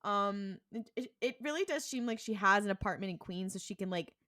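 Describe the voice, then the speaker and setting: Chatty woman with a lively, rising voice. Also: mid-range voice, fairly quick. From New York City. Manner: chatty, rambling asides with restarts. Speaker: podcast co-host. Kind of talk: casual chat.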